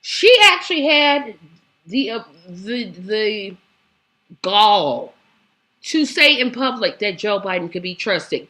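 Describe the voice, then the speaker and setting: A woman's voice: on the high side, expressive, slow pace, pushed and bright. Sassy, exasperated woman commentator. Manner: sassy, exasperated, emphatic repetition. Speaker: show host. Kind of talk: political commentary monologue.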